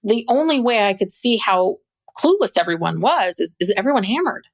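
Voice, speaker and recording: A woman's voice: mid-range voice, lively intonation, fairly quick. A woman co-hosting a podcast, talking in a chatty, loose way with many restarts. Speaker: podcast co-host. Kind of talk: casual chat.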